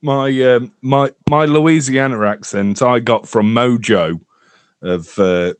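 A man's voice: mid-range voice, slow pace, no echo. A man co-hosting a podcast in casual chat, chiming in briefly and laughing easily. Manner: brief interjections and easy laughter. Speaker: podcast co-host.

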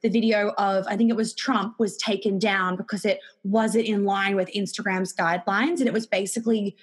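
Australian woman, podcast co-host, casual chat, breezy, swears freely, mid-pitched voice. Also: steady tone, normal speed, breathy edge.

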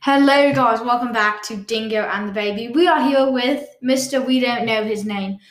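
Casting: a woman host, higher voice, playful rambling chat, echoey room. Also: normal speed. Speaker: podcast host. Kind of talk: casual comedic podcast chat. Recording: roomy echo.

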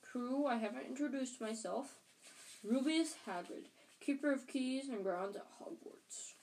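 A woman's voice: high-pitched, a little slow, darkish tone, pitched above the performer's own voice, rough recording. Hagrid, a woman reading as a hearty giant. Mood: gruff friendly. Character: huge gruff kindly giant man. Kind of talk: audiobook character voice.

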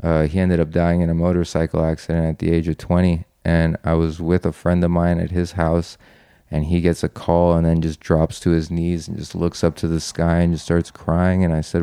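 A man's voice: low-pitched, monotone, a little fast, warm tone, clear, resonant tone, dry recording, clean studio sound. A young man guest on a podcast, earnestly reflecting on his past in a personal story, with frequent ums and restarts.

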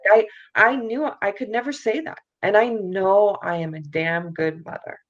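A woman's voice: mid-range voice, fairly even intonation, normal speed. A middle-aged woman, a mother, candidly telling her story as a podcast guest, open and self-critical, often saying "you know". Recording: dull lo-fi sound.

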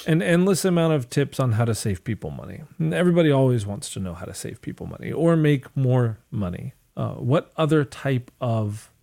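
A man hosts a podcast on mortgages and real estate and puts guided questions to his guest. His voice has a gravelly, creaky edge at a medium pitch. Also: warm tone. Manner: asks guided questions, brief affirmations. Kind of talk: casual podcast conversation.

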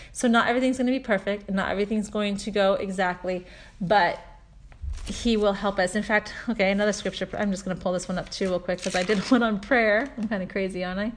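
A woman in her forties, a mother talking through a faith story and scripture lessons in a chatty, earnest way, softer when she reads verses. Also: mid-range voice. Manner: chatty storytelling, warm earnest asides with soft laughs. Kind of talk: casual religious talk.

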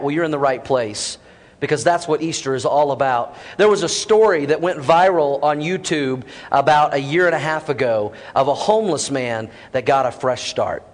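A man preaching an Easter sermon, talking casually and putting questions to his congregation. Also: on the high side. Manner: conversational, asks the audience questions. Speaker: pastor. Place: large church hall. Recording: echoey hall with audience.

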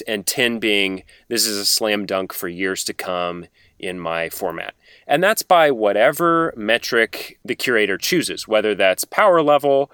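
A man with a lowish voice that has a bright, crisp edge talks through his points at length on a podcast. His tone is thoughtful and casual, recorded close and dry. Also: no room sound. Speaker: guest. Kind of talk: casual explanation.

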